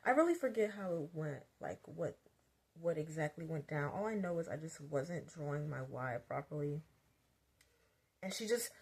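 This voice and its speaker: In a lowish, husky voice, a woman vlogger tells a story from her childhood. It's casual and chatty, rambling with plenty of fillers and frequent "like"s, and her energy rises as she talks.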